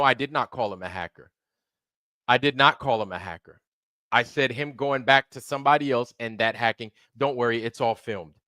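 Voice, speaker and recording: A man's voice: mid-range voice, fairly bright tone, no echo, studio quality. Heated, profane man ranting on a stream. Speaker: livestream host. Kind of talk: angry livestream rant.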